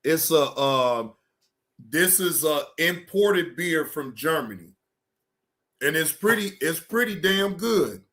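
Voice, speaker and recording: Man, livestream host, high voice, bright edge, heated profane rant, keeps calming himself down. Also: takes it slowly. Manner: heated, repetitive, keeps telling himself to calm down.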